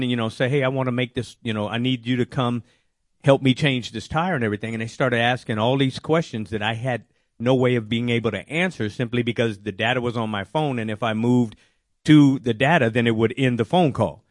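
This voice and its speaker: A man telling a personal faith testimony, animated and acting out his own worried words. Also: medium pitch, fairly quick, no room sound, studio quality. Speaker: testimony speaker.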